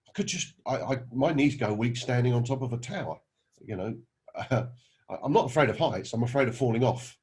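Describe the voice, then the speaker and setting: This network marketing recruiter speaks in a medium-pitched, darkish, slightly rough voice, animated and fairly quick. He gives a motivational talk full of anecdotes and rhetorical questions for his listeners.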